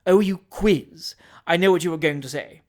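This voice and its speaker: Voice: medium pitch, expressive, a little fast, natural voice. A reader doing a coy, catty spinster aunt. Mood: flirtatious. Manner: arch, flirtatious, catty whispering. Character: coy gossiping spinster aunt, middle-aged woman. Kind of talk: audiobook reading of a classic novel.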